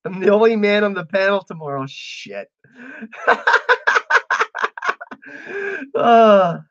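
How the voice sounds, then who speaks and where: A man's voice: high voice, a little fast, muffled recording. A man hosting a casual livestream, chatting with viewers and reading out their messages, laughing often. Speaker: livestream host.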